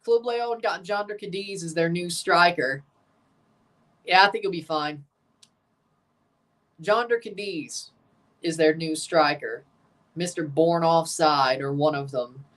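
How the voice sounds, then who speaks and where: A man hosting a livestream watchalong, giving excitable play-by-play of a soccer match between chatty replies to his viewers. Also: a little high, slow, pauses often, distant mic. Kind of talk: casual watchalong commentary.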